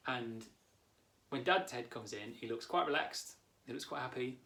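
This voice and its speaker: A man in his thirties leads a coaching lesson as a therapist. He talks calmly and directly to the viewer at a medium pitch. His delivery is steady and explanatory. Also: normal speed, vocal fry.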